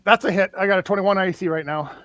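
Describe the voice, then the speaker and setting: A man at a tabletop game describes his character's moves, sometimes pausing to find the words. His voice sits notably high for a man, and the sound is dry and close. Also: steady tone, fairly bright tone, no echo, faint music behind. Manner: narrates own character's actions, some hesitation. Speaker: player. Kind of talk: casual tabletop game play.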